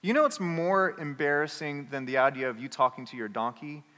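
A man preaching a sermon as pastor, telling a story in an animated way and acting out the characters. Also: a little high, brisk, long reverb tail, a little hiss or hum. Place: church.

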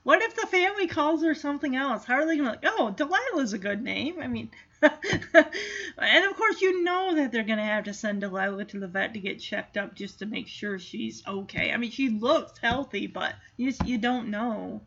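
A woman's voice: fairly high pitch, expressive, normal speed, fairly bright tone. A woman casually recapping a family film in a chatty, giggly, enthusiastic way, with dull lo-fi sound. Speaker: film reviewer.

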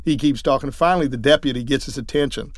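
A man, a trial lawyer, telling courtroom stories in a lively way, acting out what others said. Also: mid-range voice, fast talker, no echo, clean studio sound. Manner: lively, acts out quoted voices. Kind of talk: anecdotal storytelling talk.

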